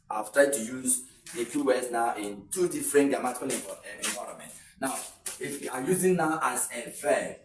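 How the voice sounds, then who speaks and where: A man's voice: mid-range voice, fairly bright tone, recorded from a distance. A man from Nigeria giving an exam tutorial lecture, repeating words for emphasis and explaining step by step. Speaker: teacher. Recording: echoey room, voice a little off-mic, faint noise.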